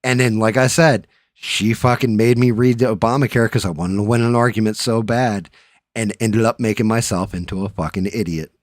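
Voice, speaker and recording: Profane storytelling man, low voice. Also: brisk, no room sound, clean studio sound. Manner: profane, storytelling, animated when riled up. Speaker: podcast host. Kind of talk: casual chat.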